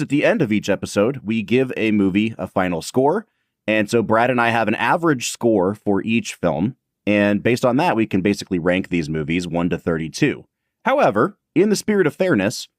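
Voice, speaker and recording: A man's voice: lowish voice, no echo, clean studio sound. A man co-hosting a casual podcast, upbeat and explaining things to listeners. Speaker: podcast co-host.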